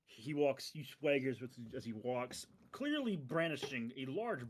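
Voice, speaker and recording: Guy running a tabletop game, middle pitch, voice bouncing all over, narrating bandits and swagger. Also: measured pace, hardly any pauses, a little hiss or hum. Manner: lively, slips into gruff bandit voices. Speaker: game master.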